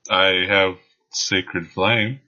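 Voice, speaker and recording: A man voicing a dry-witted male paladin knight with a deadpan, matter-of-fact delivery, in a tabletop game. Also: low voice, extremely slow, exaggerated voice. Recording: lo-fi dull recording.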